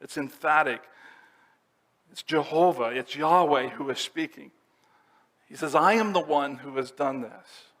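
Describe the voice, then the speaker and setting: A pastor giving a sermon, explaining scripture verse by verse in a teaching manner. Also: male voice, a little high, fairly bright tone. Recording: long reverb of a church hall.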